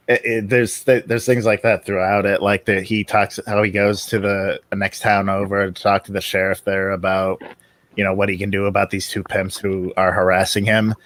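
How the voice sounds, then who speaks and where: A man's voice: lowish voice, flat delivery, moderate pace, fairly bright tone, no echo. A man with a Southern American accent, co-hosting a casual book podcast, rambling and laughing as he retells a plot. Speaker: podcast co-host. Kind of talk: casual chat about books.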